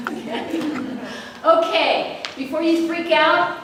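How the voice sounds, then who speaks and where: A woman trainer talks to a group in an echoey room, her pitch sitting a little high. She is picked up from a distance with noise underneath, and she laughs easily and keeps quizzing the audience. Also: slow. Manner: lively, laughs often, asks the audience questions. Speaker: intercultural trainer. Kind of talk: presenting a workshop.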